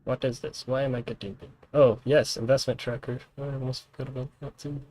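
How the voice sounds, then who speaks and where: A man's voice: medium pitch, steady tone, brisk, warm tone, rough recording. A man live-streaming a political role-play game, speaking as a head of state who keeps calling the other player "my friend", then muttering to himself as he plays. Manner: shifts into a mock diplomat voice, repeats "my friend". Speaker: streamer playing Pakistan's leader.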